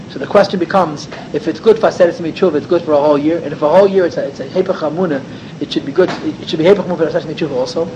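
A man with a high-pitched voice leads a Torah class in a lively lecturing style. He asks rhetorical questions and leans hard on key words. A faint vehicle rumble sits under the recording. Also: rough recording. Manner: animated, rhetorical questions, sweeping pitch for emphasis. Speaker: rabbi teaching a class.

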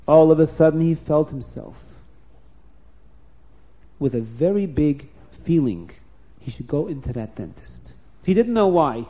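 A man telling a story aloud, acting out the characters' lines with lively shifts in pitch. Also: a little slow, highs cut off. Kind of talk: spoken storytelling.

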